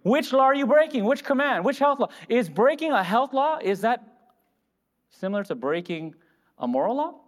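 A man's voice: very high-pitched, sing-song, normal speed. A man preaching a sermon in a church, asking the congregation questions and answering them himself. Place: church hall. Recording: reverberant church hall.

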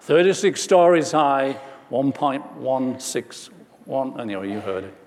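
A man's voice: mid-range voice, expressive, unhurried, a little mellow, in a large hall. A man preaching a sermon, telling a personal story and rising to emphatic preaching.

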